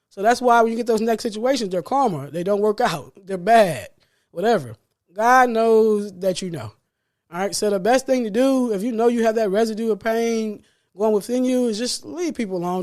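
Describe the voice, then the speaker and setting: A man with a notably high voice gives a solo podcast talk as a life coach. He speaks in an earnest, preachy way, circling back to repeat his key phrases. Light laughs slip out between his points. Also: a little mellow. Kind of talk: solo motivational podcast monologue.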